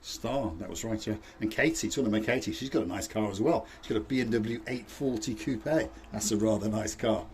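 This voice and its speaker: A man's voice: on the low side, brisk, hardly any pauses, a little hiss or hum. A man co-hosting a casual outdoor vlog chat, jovial and playful. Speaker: vlog co-host. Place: outdoors at a hilltop viewpoint.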